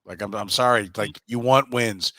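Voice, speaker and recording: A man's voice: fairly low pitch, normal speed, sharp tone, dry recording. A man co-hosting a casual sports podcast, blunt and profane, mocking others in put-on voices. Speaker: podcast co-host.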